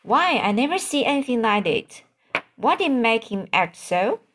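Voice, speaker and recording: A woman reading the lines of a stern older aunt scolding a boy, in a halting way that repeats words. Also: a little high, very animated, fairly bright tone, heavily acted.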